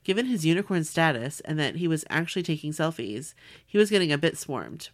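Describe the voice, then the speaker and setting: A woman podcast host in casual chat, reading a listener's letter aloud with animated warmth. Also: sits low, a little fast. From Southern California. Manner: warm, animated reading with laughs.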